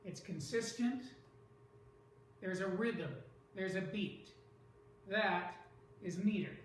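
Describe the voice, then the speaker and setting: A teacher giving a lesson on poetry, speaking slowly and deliberately and sounding out stressed syllables. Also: mid-range voice, animated, noisy background. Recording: echoey room from far off.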